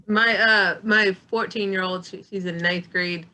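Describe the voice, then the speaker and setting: A middle-aged woman and parent telling lively stories with lots of laughter in a casual video-call chat. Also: mid-range voice, unhurried.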